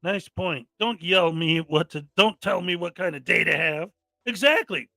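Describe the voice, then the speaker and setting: A man's voice: high voice, expressive, unhurried, creaky, sharp tone, no room sound. A man hosting a reaction commentary show, talking in an exasperated, mocking rant and often mimicking people angrily. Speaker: commentary host.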